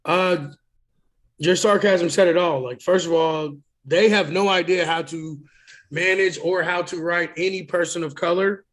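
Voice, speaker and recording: A man's voice: sits high, fairly even intonation, a little slow, fairly bright tone. A man co-hosting a wrestling podcast, talking bluntly and emphatically with plenty of swearing. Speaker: podcast co-host. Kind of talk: casual wrestling podcast chat.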